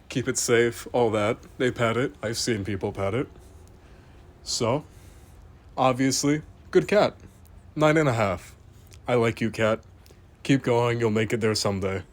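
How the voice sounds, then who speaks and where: A man giving mock-serious comedic commentary, grading pictures of animals in a deadpan way and swearing casually as he talks straight to them. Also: mid-range voice. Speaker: host reviewing animal pictures.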